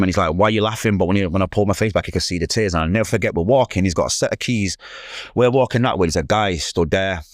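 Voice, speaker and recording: A middle-aged man with a Mancunian accent rattles through a personal story at speed, slipping into the voices of people he quotes. His voice sits a little low, recorded close and dry with no room sound. He talks in quick, loose street slang. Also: dry recording. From England. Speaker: podcast guest. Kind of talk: emotional storytelling.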